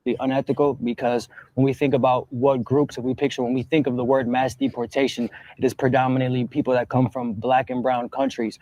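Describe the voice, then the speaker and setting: A man giving a quiet, measured answer in an interview. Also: mid-range voice, little pitch movement, no room sound.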